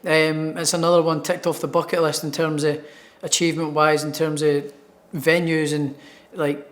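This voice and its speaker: At normal speed and with a flat delivery, a fairly high-voiced Scottish boxer cheerfully answers sports interview questions, repeating words whenever he begins a new thought.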